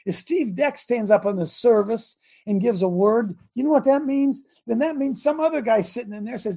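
An older man preaches with fervor and folksy plainness, hammering points by repetition. His voice is gravelly and dark, with a husky grain that roughens his louder pleas. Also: extremely high pitch, normal speed, few pauses. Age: 60s. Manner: impassioned, folksy, repeats for emphasis. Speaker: preacher and show host. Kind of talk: sermon.

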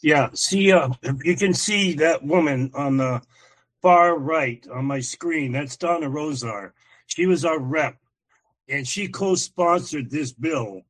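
A man calling into a talk show, telling a plain account with some halting fillers. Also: on the high side, fairly bright tone, rough recording. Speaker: caller on the show. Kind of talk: casual account.

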